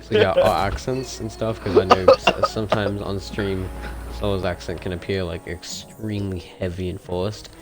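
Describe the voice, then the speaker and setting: Deep-voiced Australian man, chatty, music behind. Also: little pitch movement, normal speed. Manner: rambling, jokey, talks about his own accent. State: sore throat. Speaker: podcast co-host. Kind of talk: casual chat.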